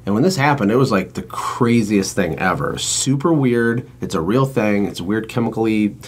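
Husky low-voiced man, emphatic. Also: normal speed. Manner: energetic, emphatic, motivational. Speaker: podcast host and entrepreneur. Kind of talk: casual chat.

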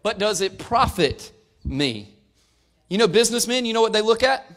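A man's voice: high-pitched, very animated, moderate pace, fairly bright tone. A man preaching a sermon as pastor, emphatic and fervent, often calling out to the congregation.

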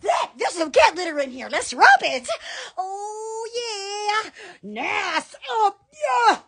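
A woman's voice: very high voice, very animated, normal speed, fairly bright tone. A woman with a Southern US accent hosting a silly phone livestream, giddy and laughing, full of squeals and exclamations. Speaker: livestream host. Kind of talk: silly livestream chat with face filters. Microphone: phone held close.

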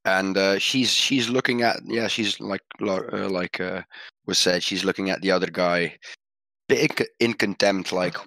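A man with a very low voice and a bright, forceful tone describes his character in casual tabletop play. He talks hesitantly with fillers. The sound is close and dry. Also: fairly even intonation, unhurried, dry recording. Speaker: player.

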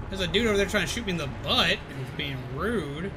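A man's voice: high-pitched, expressive, normal speed, noisy background. A man streaming a game, chatting playfully, talking to enemies and making sing-song noises. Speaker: gaming streamer. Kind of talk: casual gameplay commentary. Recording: game music behind the voice.

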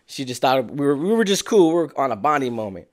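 A young man casually telling a street story, slangy and animated. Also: fast talker. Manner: slangy, animated, acts out quotes in lower voice.

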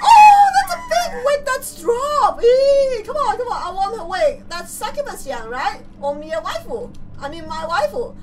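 Very high-voiced giggly woman gamer. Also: very animated, moderate pace, few pauses, far from the mic, crowd noise, low-quality recording. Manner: giggly, playful, squealing. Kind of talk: let's play commentary.

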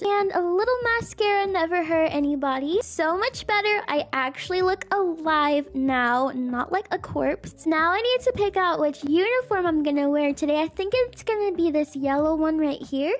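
A woman narrating a toy roleplay as a busy single mom, chatty and unhurried. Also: sits high, animated, faint music behind.

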